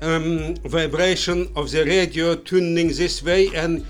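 A man talking as a studio guest in a slow, halting, playful way, with non-native grammar. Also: fairly high pitch, steady tone, smooth, soft background music. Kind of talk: casual interview chat.

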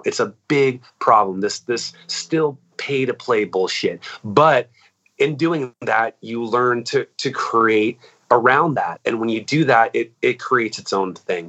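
A musician talking in a casual, rambling way, swearing a lot and saying "like" and "dude" all the time. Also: male voice, mid-range voice, fairly bright tone, dull audio. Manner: rambling and profane, full of "like" and "dude". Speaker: musician in a band. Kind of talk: casual chat.

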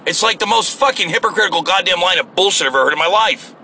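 A man's voice: high-pitched, fast, few pauses, slight background noise. A middle-aged man giving a blunt, profane rant to camera in a casual vlog, out near his home. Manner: blunt and swearing, animated. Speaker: vlogger.

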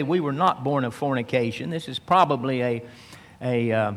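Unhurried man teaching scripture, reverberant hall. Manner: reads verses slowly, then explains in plain talk; rises with emphasis, drops low and soft. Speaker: preacher. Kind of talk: expository Bible teaching.

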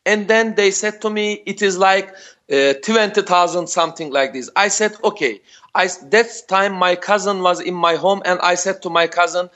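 A man who is not a native English speaker, telling an emotional personal story as a podcast guest in halting English. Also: high-pitched, a bit bright.

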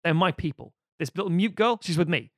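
A man's voice: a little high, quick pace, gravelly, dry recording, clean studio sound. A man voicing a stubborn, protective male knight who makes insistent, defiant declarations.

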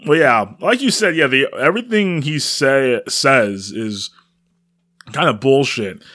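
A man co-hosting a casual film discussion, laughing often and pausing with fillers. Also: mid-range voice, expressive, fairly bright tone, no room sound. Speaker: podcast co-host.

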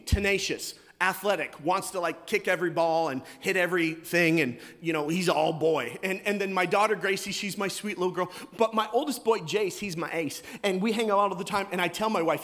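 A fairly high-voiced man in his thirties preaches to a congregation, slipping into acted-out voices and bursts of shouting as he tells his story. His voice rings with the long reverb of a large hall. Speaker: pastor. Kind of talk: sermon.

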